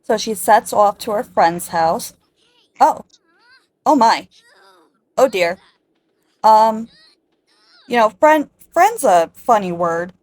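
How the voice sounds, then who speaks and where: A woman narrates a life-sim game in a chatty, wry let's-play style. She talks unhurriedly at a middle pitch, into a dry, close mic. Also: lively intonation, slow, long pauses, darkish tone, dry recording. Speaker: gameplay narrator.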